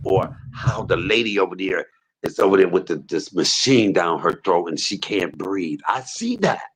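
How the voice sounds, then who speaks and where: Man in pain, husky and gravelly, emphatic casual preacher, AAVE, talking from a hospice room. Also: sits low, sing-song, normal speed.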